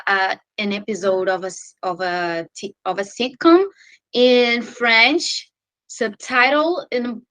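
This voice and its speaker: A woman teacher shares her thoughts on a video call, pausing and restarting as she hunts for words. Her voice sits a little high. The sound is dry and close. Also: fairly bright tone, no room sound, poor audio. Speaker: mentee teacher. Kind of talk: casual discussion.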